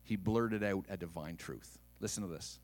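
A male pastor preaching a dramatic sermon, dropping to a hush and then rising loud. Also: low-pitched, moderate pace, soft background music.

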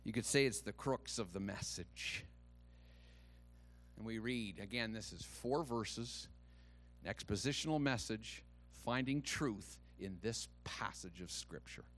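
A man pastor preaching a sermon. He swings from hushed asides to loud, shouted declarations and asks many rhetorical questions. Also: lowish voice, measured pace.

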